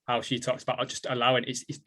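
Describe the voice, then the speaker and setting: A man's voice: mid-range voice, completely flat delivery, sharp tone. A man hosting an interview, speaking thoughtfully with frequent restarts. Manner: thoughtful, halting, with many restarts. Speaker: interviewer host. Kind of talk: interview conversation.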